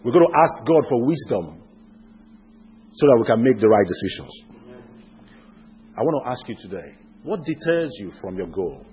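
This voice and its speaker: A man preaching a sermon, swinging from loud emphatic declarations to hushed, intimate appeals. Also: mid-range voice, big pitch swings, moderate pace, long pauses, highs cut off, slight background noise.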